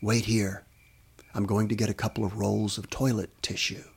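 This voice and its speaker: A man's voice: on the low side, unhurried. A man reading a mischievous 78-year-old woman. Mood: hushed sly. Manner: wry and mischievous. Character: mischievous woman of seventy-eight, spry.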